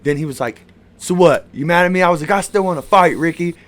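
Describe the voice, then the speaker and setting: A man's voice: a little high, fast, fairly bright tone. A man with a slightly raised voice, telling a rowdy, profane story and laughing often as he goes. He sounds like a podcast co-host chatting casually with friends. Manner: rowdy, profane, laughs through his stories.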